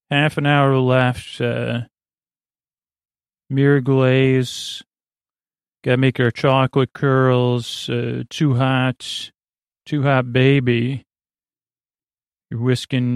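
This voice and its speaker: A man hosts a sleep podcast, recapping a TV episode in a meandering way full of filler words and self-corrections. His voice is medium-pitched with vocal fry, captured in a dry, studio-quality recording.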